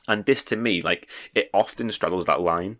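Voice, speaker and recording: A man co-hosting a podcast, telling animated stories with stammered restarts and quick acted-out quotes. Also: sits low. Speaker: podcast co-host. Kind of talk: casual chat.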